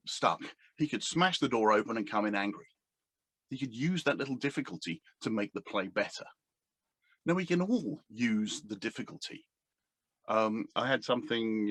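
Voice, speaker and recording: Husky-voiced man musing aloud. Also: fairly low pitch, fairly bright tone, dry recording. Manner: rambling and hesitant, with many fillers and restarts. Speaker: coach. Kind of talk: casual talk to camera. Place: indoors at a table. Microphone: camera standing on the table.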